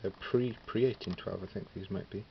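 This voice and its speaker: A man's voice: low-pitched, steady tone, moderate pace. A man from Wales casually showing his miniature figures, thinking aloud with many fillers and self-corrections. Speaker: miniature wargaming hobbyist. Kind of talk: casual show-and-tell of a collection. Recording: slightly dull lo-fi recording with clear background noise.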